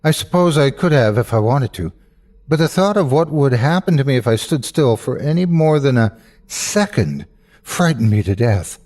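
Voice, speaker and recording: A man's voice: mid-range voice, lively intonation, normal speed, a little mellow. A man narrating a scripted horror story in first person, tense and breathless in the scary parts.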